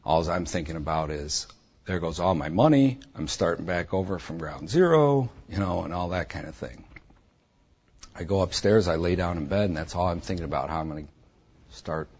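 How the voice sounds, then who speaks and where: A man bluntly and intensely telling his personal testimony, with a husky voice. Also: sits low, lively intonation, normal speed, a little mellow, dull audio. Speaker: speaker giving a personal testimony.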